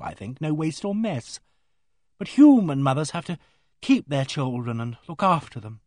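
A man's voice: medium pitch, dry recording, clean studio sound. A man reading aloud and voicing a sullen, awkward teenage girl who talks bluntly and gloomily. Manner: blunt, gloomy, bursts into bitter outbursts.

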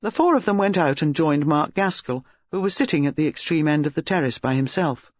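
A man reading narration for an audiobook in a measured, expressive manner. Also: fairly high pitch, no room sound. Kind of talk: scripted narration. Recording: dull lo-fi recording.

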